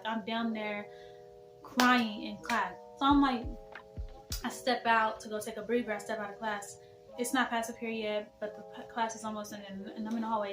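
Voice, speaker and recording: A teenage girl vlogger recounts a personal story in an emphatic, animated way, calling out to her viewers. Her voice sits a little high, and the room around her rings with echo. Music plays clearly behind her. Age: teens. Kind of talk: storytime vlog.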